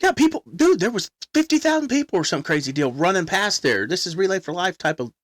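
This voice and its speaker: Animated man telling a wild story. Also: high-pitched, fast talker, dry recording, studio quality. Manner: animated storyteller, belts out sung quotes. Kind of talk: casual storytelling chat.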